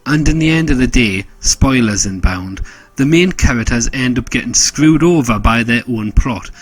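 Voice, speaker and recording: A man's voice: mid-range voice, animated, normal speed. A man narrating a scripted, sarcastic game review packed with jokes. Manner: sarcastic, joke-heavy.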